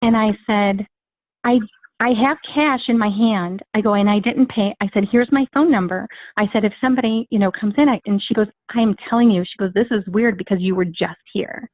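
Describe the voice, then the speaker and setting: A woman's voice: mid-range voice, brisk, dry recording. A woman guest telling a personal story in casual chat, rambling and acting out the dialogue she quotes. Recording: tinny phone-like dry sound.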